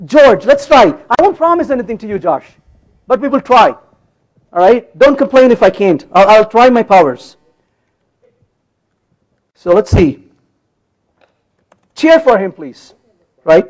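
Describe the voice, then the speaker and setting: A man's voice: high voice, lively intonation, unhurried, pauses often, low-quality recording. A man giving a conference talk while live-coding, playful and teasing with the audience, often checking that they follow. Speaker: conference speaker. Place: conference hall.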